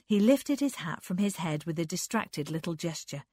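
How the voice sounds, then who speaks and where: A woman narrating a novel in a measured, even reading. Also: fairly low pitch, no echo, studio quality. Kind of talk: scripted narration, audiobook.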